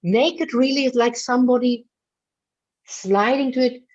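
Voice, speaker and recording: A woman's voice: a little high, a little slow, darkish tone. A woman leading a singing masterclass, coaching a singer bluntly but affectionately and calling her darling. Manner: blunt, chatty, full of fillers. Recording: dull lo-fi recording.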